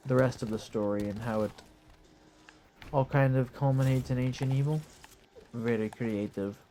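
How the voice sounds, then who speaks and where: A young man giving laid-back, rambling live commentary on a game while lying in bed, his voice hoarse and his nose stuffy, swearing casually as he talks. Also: mid-range voice, fairly even intonation, normal speed, mellow, slight background noise. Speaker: gaming commentator.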